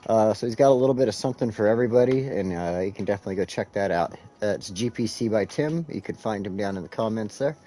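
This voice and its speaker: A man's voice: on the low side, animated, fast, few pauses, warm tone. A man hosting a casual live game stream, rambling and swearing as he talks to his chat while clicking through menus. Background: faint background music.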